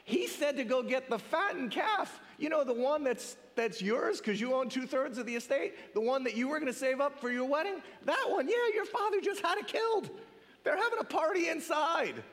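A man voicing an excited male household servant who gushes breathlessly with big news. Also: very high voice, moderate pace, long reverb tail, voice pushed up, exaggerated voice.

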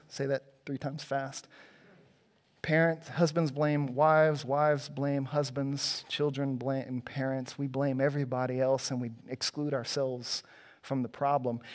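A man's voice: mid-range voice, a little mellow. A man preaching a sermon as pastor, building emphasis with rhetorical questions to the congregation.

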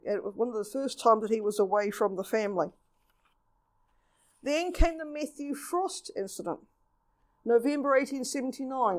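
A woman giving a lively local history talk, reading old newspaper reports and acting out quotes. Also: a little high.

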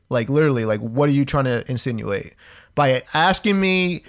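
A man's voice: mid-range voice, expressive, normal speed. A man co-hosting a podcast with a mid-range voice. He talks loosely and hesitantly, often restarting and dropping "like" and "dude" as he makes his case. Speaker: podcast co-host. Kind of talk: casual debate chat.

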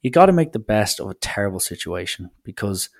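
A man's voice: lowish voice, sing-song, a little fast, vocal fry. A young man, rambling sardonically through a casual solo podcast. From Ireland. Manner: sardonic, rambling, mock-serious. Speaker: podcast host.

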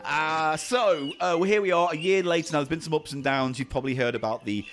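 A man, co-hosting a comedy podcast with deadpan banter. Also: fairly high pitch, a little fast. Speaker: podcast co-host.

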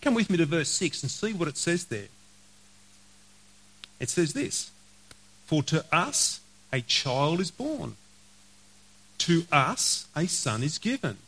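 A man preaching a sermon, earnest, slowing to read scripture and repeating key phrases. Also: on the high side, very animated, fairly bright tone, low-quality recording. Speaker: pastor.

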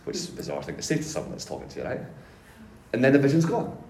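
A pastor telling his own faith story in a sermon, animated and self-mocking, with casual slang. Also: mid-range voice, racing. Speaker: pastor giving a testimony. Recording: roomy hall echo.

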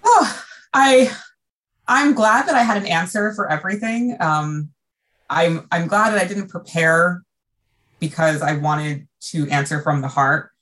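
An American woman, an event designer, chatting casually and telling a vivid story in an animated, emotional way. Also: on the low side, measured pace. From United States. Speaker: event designer, podcast guest. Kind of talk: casual backstage chat.

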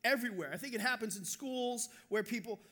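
A male pastor preaching a sermon, telling stories in an animated, joking way. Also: very high-pitched, fairly quick.

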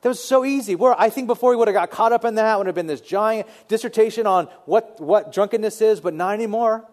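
A man preaching a sermon in a conversational, animated way, often repeating words as he thinks. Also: sits high, fast. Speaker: pastor.

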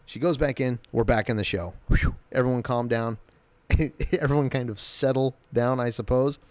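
A man casually recapping a TV episode, rambling and excitable, with many fillers and restarts. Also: mid-range voice, moderate pace, no room sound.

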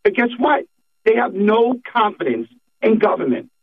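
A man's voice: high-pitched, big pitch swings, moderate pace, slightly rough. A middle-aged man, a political guest on a talk show, speaking in a fired-up, emphatic, repetitive way. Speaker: state senator guest. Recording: tinny phone line.

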